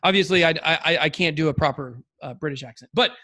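A man's voice: on the high side, fast, pushed and bright. A man co-hosting a podcast in casual chat, rambling and joking with lots of restarts and fillers. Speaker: podcast co-host.

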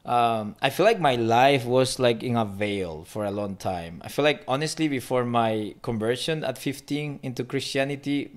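A man's voice: medium pitch, normal speed, few pauses. A man in his thirties from Peru, with a mixed Peruvian and Spanish accent, speaking Spanish natively, talking reflectively as a guest in a casual interview. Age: 30s. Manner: reflective, frequent restarts and fillers. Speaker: guest philosopher.

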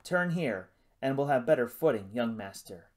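A man's voice: mid-range voice, expressive, normal speed, lightly acted. A man reading a storybook, voicing a loyal, fatherly older servant who speaks in a deferential, encouraging way.

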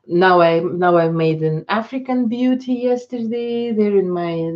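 Woman, doll artist host, casual live chat, lowish mellow voice, phrasing, dull lo-fi audio. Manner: chatty, laughing, non-native phrasing.

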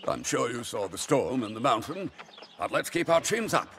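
A stern town magistrate from a fantasy game, formal and commanding. His gravelly voice moves expressively over steady hiss in the game audio. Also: medium pitch, moderate pace. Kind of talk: video game character dialogue.

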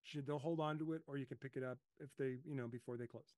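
A middle-aged man hosting a casual coaching talk, telling lively stories and acting out his own panicked voice. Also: medium pitch, fast talker, no room sound. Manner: animated storyteller, acts out his own panicked voice. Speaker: host.

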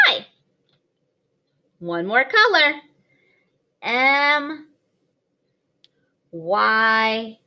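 A woman leads a kindergarten writing lesson, her high voice swooping up and down as she cheers the children on. She speaks slowly and patiently. The recording sounds a little dull and lo-fi. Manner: sing-song, encouraging teacher voice for small children. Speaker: kindergarten teacher. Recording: slightly dull lo-fi audio.

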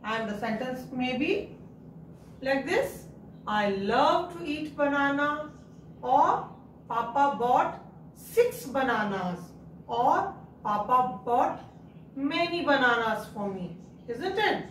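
A woman's voice: high voice, lively intonation, slow pace, pauses often, a little hiss or hum. A woman teacher, patiently guiding young children through a writing lesson, repeating and spelling words out. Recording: echoey room, mic at a distance.

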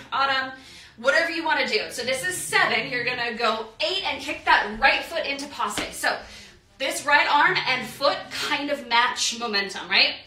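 A woman's voice: sits high, bright, forceful tone. A young American woman teaching a dance class, counting beats aloud and singing out the steps. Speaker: dance instructor. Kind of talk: live online dance class. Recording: roomy studio, mic at a distance.

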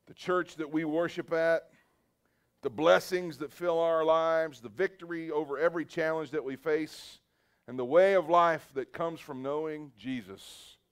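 A man's voice: a little high, smooth. A man preaching at a church service, telling a story and leading prayer in an earnest, urging way. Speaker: pastor.

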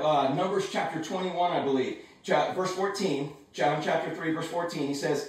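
A man preaching a sermon from his home in a casual, animated way with slangy asides. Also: sits high, very echoey, recorded from a distance, rough recording. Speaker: pastor.

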